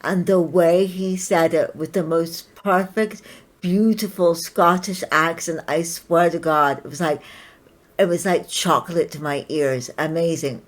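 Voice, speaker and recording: A woman's voice: fairly low pitch, fairly even intonation, a little slow. A woman hosting a podcast, chatting casually and swearing freely with effusive praise. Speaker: podcast host. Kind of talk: casual chat.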